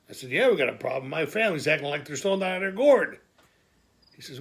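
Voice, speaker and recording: A man with a fairly high voice tells an improvised comic monologue as a gruff family man. He talks in a streetwise way, swearing and tossing in quick asides. Crickets and insects chirp faintly behind him. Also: expressive. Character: Pork Chop, a gruff middle-aged family man. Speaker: comedian doing an improvised monologue.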